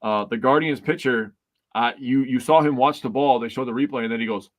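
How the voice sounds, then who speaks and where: A man's voice: mid-range voice, fairly quick. A man co-hosting a sports podcast, recapping a game emphatically with mock outrage. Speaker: podcast co-host. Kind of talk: casual sports chat.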